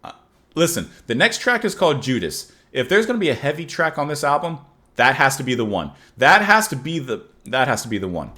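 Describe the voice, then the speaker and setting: Lively, animated man reviewing an album. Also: medium pitch, fairly quick. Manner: enthusiastic, thinks aloud with many fillers and restarts; reads lyrics aloud with feeling. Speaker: music reaction host. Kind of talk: casual music reaction and review.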